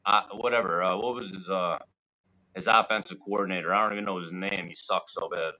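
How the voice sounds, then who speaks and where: A man's voice: low-pitched, fairly even intonation, brisk. A man calling into a sports show, ranting in a blunt, slangy way over a muffled, lo-fi line. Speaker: caller. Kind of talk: fan call-in.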